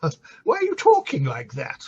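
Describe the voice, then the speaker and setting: A husky, high, lively voice belongs to a tipsy, camp bishop who fusses and drops into scripture, as an actor plays him. The recording is dull and lo-fi. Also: male voice, moderate pace, exaggerated voice. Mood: flirtatious. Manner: fussy, camp, quoting scripture. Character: tipsy, flirtatious middle-aged bishop. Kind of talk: comic stage play reading.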